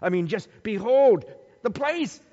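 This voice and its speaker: Slow emphatic preacher man in a hall. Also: high voice, animated. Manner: dramatic, slow and emphatic with hushed passages. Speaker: pastor. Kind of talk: Easter sermon. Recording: dull sound with long hall reverb.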